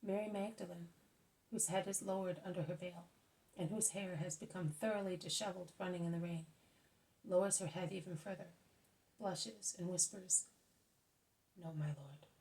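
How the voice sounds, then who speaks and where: A woman narrating a religious story in a steady, measured reading. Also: on the low side, gravelly, poor audio. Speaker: audiobook reader. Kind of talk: scripted narration.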